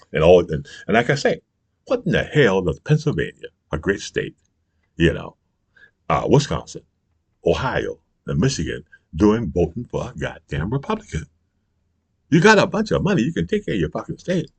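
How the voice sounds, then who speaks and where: Gravelly, fired-up ranting man. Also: fairly low pitch, no echo. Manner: profane, emphatic, keeps asking "you understand?". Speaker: political commentator. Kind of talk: angry political rant to camera.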